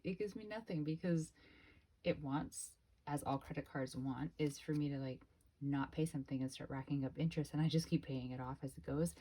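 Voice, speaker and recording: Woman vlogger, low mellow voice, chatty and exasperated, budgeting talk. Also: a little fast, slightly rough. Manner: chatty, exasperated storytelling with quoted asides. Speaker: personal finance vlogger. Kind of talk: casual budgeting chat.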